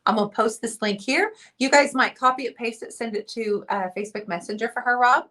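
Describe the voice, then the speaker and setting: Bright-voiced woman hosting a live chat, teasing, reading comments, kinda high. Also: a little fast. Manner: chatty, teasing, reads viewer comments aloud. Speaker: livestream host. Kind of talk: casual livestream chat.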